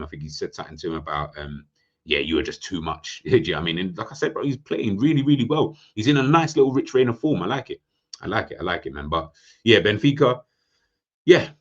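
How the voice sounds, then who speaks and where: A man giving a casual, joking football roundup. He talks in animated slang and rambles with many restarts. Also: deep voice, dull audio. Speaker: football pundit.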